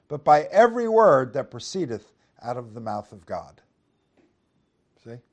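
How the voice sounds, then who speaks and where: A man preaching a Bible lesson in a conversational way, reading King James verses aloud and asking his listeners rhetorical tag questions. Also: fairly high pitch. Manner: reads scripture aloud in King James wording; conversational with frequent restarts. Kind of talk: Bible teaching.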